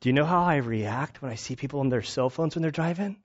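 A male pastor preaching in a casual, storytelling way, animated and self-mocking, often laughing. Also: medium pitch, fast, slight background noise. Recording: dull lo-fi recording.

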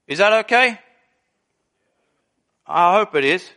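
A man preaching a sermon, telling stories with lively delivery and acting out the people he quotes. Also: high voice, normal speed. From Australia. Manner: animated storytelling, acts out quoted people. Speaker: pastor.

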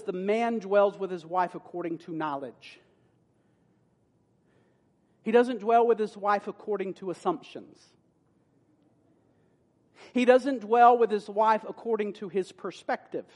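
Male pastor, very high voice, folksy sermon delivery with loud emphatic peaks, long church reverb. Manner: folksy, playful preaching with rising emphatic bursts. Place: church sanctuary.

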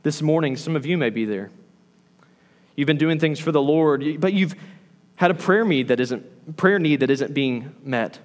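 A man preaching a sermon as a pastor, animated, acting out the lines he quotes. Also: a little high, normal speed, long reverb tail.

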